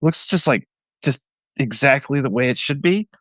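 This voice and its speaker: A man's voice: medium pitch, lively intonation, moderate pace, fairly bright tone, no echo. A man talking as a guest on a podcast, enthusiastic and rambling with lots of fillers. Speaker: guest cartoonist. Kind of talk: casual podcast interview.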